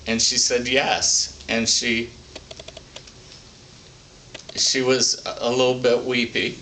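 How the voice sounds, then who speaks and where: An older man speaking as a psychic medium, telling stories from his life in a plainspoken, folksy, unhurried way for an oral history. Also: mid-range voice, completely flat delivery, bright, forceful tone. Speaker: psychic medium recounting readings. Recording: distant mic with faint background hiss.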